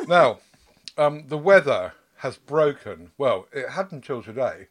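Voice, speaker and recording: Rambling, chatty podcast host. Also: male voice, medium pitch, very animated, a little slow. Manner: rambling, chatty, self-mocking. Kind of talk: casual chat.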